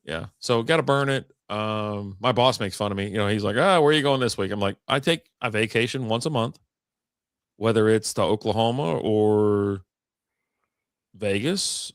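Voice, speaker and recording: A man's voice: lowish voice, measured pace, clear, resonant tone, dry recording, studio quality. A man co-hosting a casual live-stream show, rambling through stories and swearing freely. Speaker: podcast co-host.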